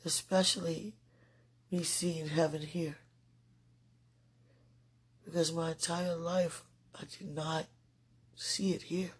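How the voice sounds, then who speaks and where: A woman podcaster giving a slow, earnest, deeply emotional devotional monologue. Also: flat delivery, slightly rough.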